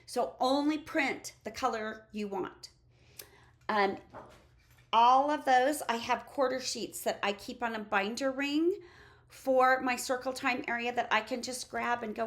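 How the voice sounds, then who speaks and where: A woman's voice: on the high side, a little slow. A woman preschool teacher casually walking through her classroom materials, acting out routines she uses with the children. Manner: chatty, demonstrates classroom routines aloud. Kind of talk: casual classroom-resource walkthrough.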